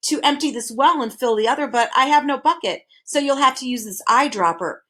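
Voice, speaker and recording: An elegant faceless gentleman from a storybook, smooth and far too polite, voiced by a woman reading aloud. His voice is bright and raised. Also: sits high, brisk, voice pushed up. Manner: smooth, courteous.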